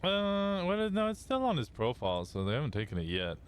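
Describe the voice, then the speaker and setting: A man's voice: a little high, a little fast, smooth. A man chatting in a roleplay game, joking around and swearing a lot. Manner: animated, jokey, swears a lot. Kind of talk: casual in-character roleplay chat.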